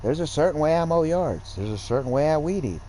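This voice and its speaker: High-voiced man ranting profanely. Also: expressive, brisk, dark tone, slight background noise, low-quality recording. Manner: profane, rambling, lecturing. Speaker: gaming streamer. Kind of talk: casual livestream rant.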